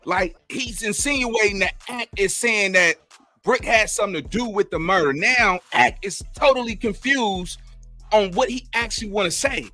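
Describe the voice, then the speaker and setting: Animated high-voiced man reacting to clips. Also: normal speed, soft background music. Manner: animated, repetitive, profane street slang. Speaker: commentary host. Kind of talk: reaction commentary.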